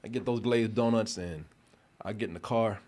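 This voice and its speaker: A man hosting a podcast, telling a story in a casual, animated way, laughing often and getting loud when he quotes people. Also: on the low side, normal speed. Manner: animated, laughs often, shouts when quoting his brother. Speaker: podcast host.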